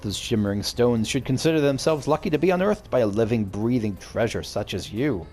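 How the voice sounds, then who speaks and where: A man's voice: mid-range voice, lively intonation, brisk, darkish tone, natural voice. A man voicing a flamboyant male fashion judge who speaks in ornate, theatrical compliments, with faint game music behind. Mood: flowery.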